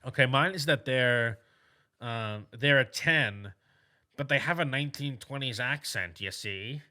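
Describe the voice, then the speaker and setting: A man co-hosting a comedy podcast with a very bright, sharp-edged voice at an average pitch. He rambles, stammers and restarts as he spins out absurd hypotheticals in loose banter. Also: unhurried. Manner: rambling, stammers and repeats while building absurd scenarios. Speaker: podcast co-host. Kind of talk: casual comedic chat.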